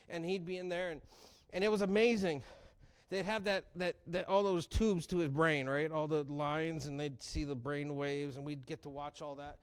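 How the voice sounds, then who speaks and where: Emotional man telling a church testimony. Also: fairly high pitch. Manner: emotional storytelling with frequent restarts, loud peaks. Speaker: church speaker. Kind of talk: personal testimony in a sermon. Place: church sanctuary.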